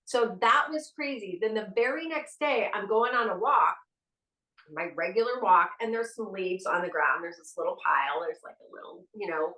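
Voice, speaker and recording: Animated woman telling stories, roomy sound. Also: mid-range voice, normal speed. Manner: animated, acts out dialogue in her stories. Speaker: podcast host. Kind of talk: casual storytelling. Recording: roomy sound from a distant mic.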